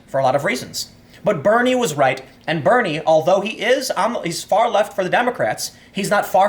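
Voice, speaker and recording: A man giving casual political commentary, ranting and sarcastic, often stumbling and repeating words as he talks. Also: fairly high pitch.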